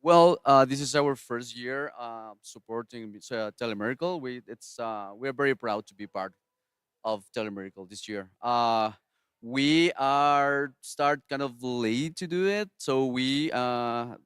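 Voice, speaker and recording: Male restaurant manager, halting, smooth, dry sound. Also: medium pitch, fairly bright tone, no echo. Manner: slow, hesitant.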